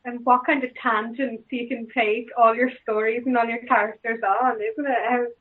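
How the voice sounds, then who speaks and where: A high-pitched woman hosts a casual interview, blunt and jokey with plenty of swearing. The recording sounds a bit muffled. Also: flat delivery, normal speed, slight background noise. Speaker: podcast host.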